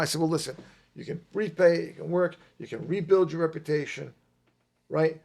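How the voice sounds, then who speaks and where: A middle-aged man telling a long personal story on a podcast, emphatic and animated, repeating his points. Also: a little high, normal speed, gravelly. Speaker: podcast guest. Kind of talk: casual storytelling.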